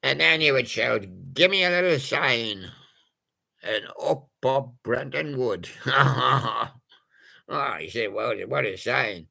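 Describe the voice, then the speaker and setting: A man's voice: medium pitch, expressive, slow pace, gravelly, pushed and bright. A man, possibly older, doing playful, punning oldies radio patter and breaking into snatches of old songs. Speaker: radio presenter.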